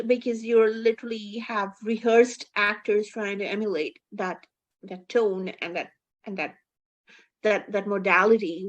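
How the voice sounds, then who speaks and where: A woman's voice: medium pitch, highs cut off. A woman co-hosting a casual film review chat, talking emphatically and with exasperation, often stumbling and restarting her sentences.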